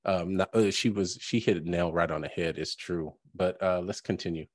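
A man's voice: deep voice, moderate pace. A man hosting a podcast, talking casually and a bit rambling as he reacts to clips. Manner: relaxed, rambling with fillers. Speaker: podcast host.

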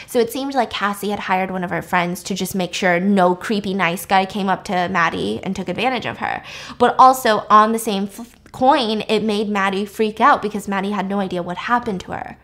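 A woman's voice: mid-range voice, fairly bright tone. A woman podcast host casually recapping a film's plot, chatty and full of fillers. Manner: chatty, fast, many fillers.

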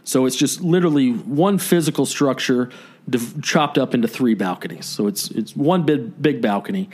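On a comedy podcast, a male co-host with a medium-pitched, slightly breathy voice spins a long story at a moderate pace during casual chat. He's an animated storyteller who acts out the people in it, voicing their quotes.

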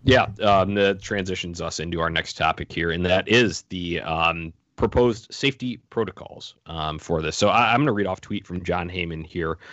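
Man, very low voice, podcast host, halting with lots of ums, dry muffled mic. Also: a bit bright, no room sound. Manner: hesitant, many ums, wraps up segments. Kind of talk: casual sports chat.

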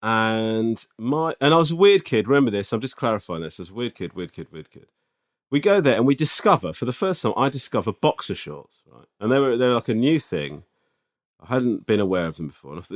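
A man in his forties co-hosting a casual podcast, telling animated, self-mocking stories. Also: fairly low pitch, fast talker. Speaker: podcast co-host. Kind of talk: casual chat.

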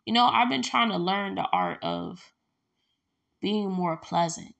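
Woman, casual vlogger, mid pitch, rambling anecdotal delivery, acts out quoted exchanges. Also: huge pitch swings, a little slow, vocal fry, fairly bright tone, muffled recording. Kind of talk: casual storytelling vlog.

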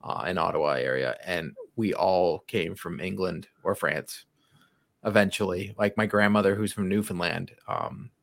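A man's voice: deep voice, gravelly, no echo. A man from Canada hosting a casual podcast chat, laughing often and restarting his sentences. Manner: laughing, animated, halting restarts.

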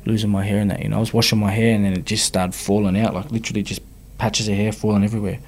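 Racing along in a low, level, darkish voice, the Sydney-born rapper lays out his personal story with candor during an interview. He talks in slang and keeps looping the listener in, regularly adding "you know what I mean."

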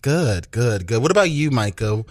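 A man co-hosting a casual chat, jumping in with quick questions and reactions. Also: mid-range voice, very animated, no room sound, studio quality. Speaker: podcast co-host.

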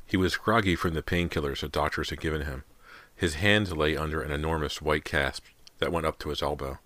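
A male audiobook narrator with an extremely deep yet bright, forward voice. He reads the story steadily, close and dry, with no room around him. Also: dry recording. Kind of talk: scripted narration.

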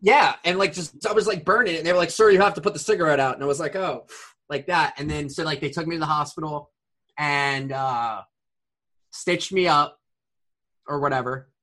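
A man's voice: fairly high pitch, normal speed. A man in his forties telling a rambling story in a casual chat, full of fillers. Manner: rambling, filler-heavy, animated retelling.

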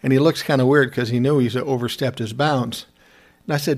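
A man's voice: mid-range voice, fairly even intonation, brisk. A middle-aged man casually telling a personal story, wry and often laughing as he goes. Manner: wry, laughing, self-described smart aleck.

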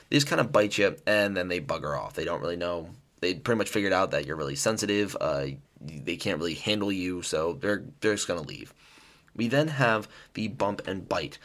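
Deep-voiced man, chatty podcast host. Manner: relaxed, chatty, with many fillers and restarts. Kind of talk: casual educational podcast talk.

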